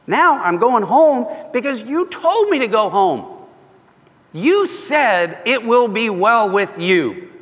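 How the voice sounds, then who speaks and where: A man's voice: very high-pitched, very animated, takes it slowly, fairly bright tone, voice pushed up, exaggerated voice. A man voicing a stressed younger herdsman who pleads and protests, in a hall with a long echo. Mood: pleading. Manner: exasperated, pleading.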